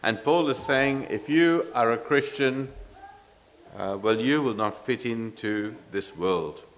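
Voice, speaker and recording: A man's voice: medium pitch, takes it slowly, a little hiss or hum. A man preaching an expository sermon, earnest and emphatic, with frequent fillers and restarts, asking the congregation rhetorical questions.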